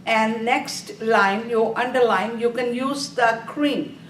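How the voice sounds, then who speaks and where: A woman teaching a nursing exam class, speaking slowly and repeating key terms for students to underline. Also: on the high side, a little hiss or hum. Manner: slow, repetitive, directive teaching. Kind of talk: classroom lecture. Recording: echoey room from a distance.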